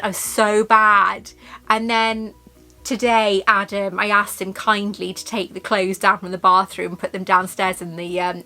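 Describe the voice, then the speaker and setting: A woman's voice: mid-range voice, pushed and bright. A woman from the UK chatting casually in a haul vlog, gushing and rambling and laughing often. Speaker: vlogger.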